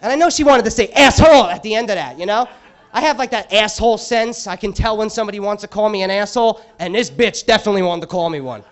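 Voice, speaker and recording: A man's voice: sits high, highs cut off. A male stand-up comedian on a club stage, ranting crudely and sarcastically through an exasperated set.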